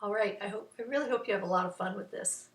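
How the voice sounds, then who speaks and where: A woman's voice: mid-range voice, fast. A woman teaching a children's music lesson, patiently chanting rhythm syllables. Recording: roomy, voice from a distance.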